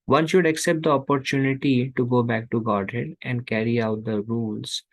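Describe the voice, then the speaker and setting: Male scripture teacher, rhetorical, mimics inner voices; gravelly tone, dry recording. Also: mid-range voice, steady tone, normal speed, no room sound, poor audio. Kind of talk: scripture class lecture.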